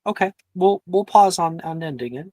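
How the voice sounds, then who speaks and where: A man running a tabletop game as game master, laid-back and quick to laugh. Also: high voice, expressive, a little mellow, no echo. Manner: laid-back, laughs often, voices characters briefly.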